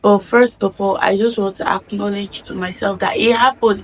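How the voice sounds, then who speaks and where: A woman's voice: medium pitch, fairly even intonation, normal speed, hardly any pauses, slight background noise. A woman speaking in a heartfelt personal vlog, earnest and reflective, repeating phrases for emphasis. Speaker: vlogger.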